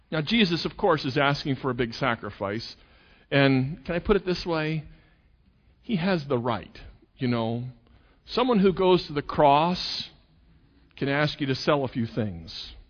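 A man's voice: fairly high pitch, fairly bright tone. A male pastor preaching a sermon, acting out quoted voices with sarcasm. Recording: dull sound with long hall reverb.

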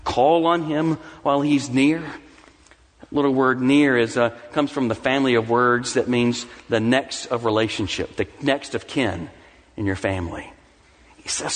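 A middle-aged man preaching a sermon as pastor, swinging from soft, low asides to rising, emphatic declarations. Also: moderate pace, long reverb tail. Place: church sanctuary.

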